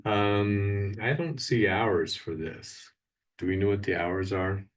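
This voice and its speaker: Midwestern American man, very low voice, halting commissioner, heard off-mic. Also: recorded from a distance. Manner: halting, many uhs and ums. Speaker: county commissioner. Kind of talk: public meeting announcements. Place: county government meeting room.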